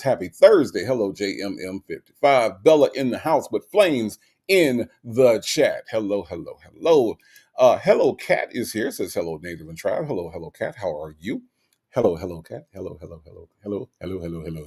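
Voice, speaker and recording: A man with a US Gulf Coast accent runs a casual livestream, greeting viewers one by one. His voice moves through a wide, lively pitch range. He talks playfully and loosely, repeating phrases and greetings. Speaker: livestream host.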